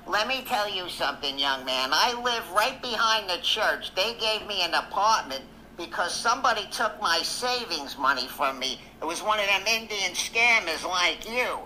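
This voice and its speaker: A prank caller voicing a feisty elderly churchgoer who talks slowly and teasingly on a scam call. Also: medium pitch, lively intonation, bright, forceful tone, slight background noise, low-quality recording. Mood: scolding. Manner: slow, drawn-out, teasing. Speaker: scam baiter.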